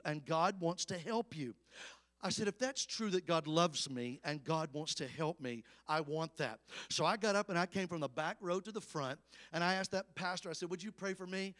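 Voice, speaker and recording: A man's voice: fairly high pitch, a bit bright. A man in his fifties with a Southern Alabama accent, preaching a storytelling sermon with emphatic, folksy calls to the congregation. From Alabama, USA. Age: 50s. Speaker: evangelist preacher.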